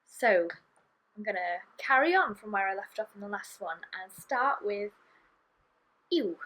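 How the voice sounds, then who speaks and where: Female language teacher, unhurried and deliberate, demonstrates sounds and repeats them; indoor city room. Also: medium pitch, expressive, a bit bright, low-quality recording. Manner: slow, careful, repeats each sound for the learner. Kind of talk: online pronunciation lesson. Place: indoor room in a city, street traffic outside.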